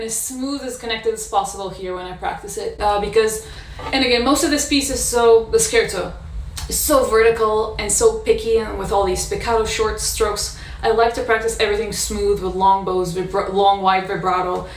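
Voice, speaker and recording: A woman in a casual practice session, explaining how she practices a violin piece in a thoughtful way, pausing often with fillers. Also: mid-range voice, slight background noise. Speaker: violin teacher. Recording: echoey room with violin playing.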